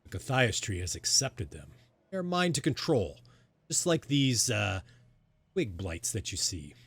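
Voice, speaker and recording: A man's voice: fairly low pitch, very animated, measured pace, gravelly, a bit bright, slightly rough, dry recording, exaggerated voice. A man voicing a proud, sinister outcast male druid who speaks in a grandiose, condescending way in a tabletop game.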